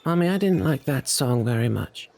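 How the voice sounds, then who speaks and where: A man voicing a shy little boy who stammers in a high childlike voice. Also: lively intonation, moderate pace, creaky, a little mellow. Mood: sulky.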